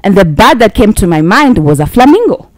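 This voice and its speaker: A woman's voice: mid-range voice, big pitch swings, a little fast, a little mellow, no room sound. A woman, an actress guest speaking frankly and confidently in a radio interview. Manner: frank and confident, mixing English and Swahili. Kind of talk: casual interview talk. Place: radio studio.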